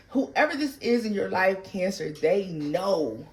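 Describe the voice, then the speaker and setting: Animated, slangy woman reading tarot. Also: medium pitch, slow pace. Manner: animated, slangy, sings song snippets and laughs often. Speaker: tarot reader. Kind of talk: casual tarot reading to camera.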